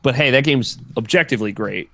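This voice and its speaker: A man co-hosting a casual podcast chat, talking in a relaxed, rambling way with plenty of fillers. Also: mid-range voice, brisk, no room sound. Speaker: podcast co-host.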